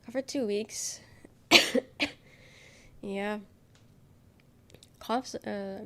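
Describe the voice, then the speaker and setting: A woman's voice: fairly high pitch, a little slow, long pauses, a little mellow. Nasal-sounding sick young woman streamer. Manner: rambling, giggly, swears freely. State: sick, congested. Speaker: live streamer. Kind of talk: casual chat with live viewers.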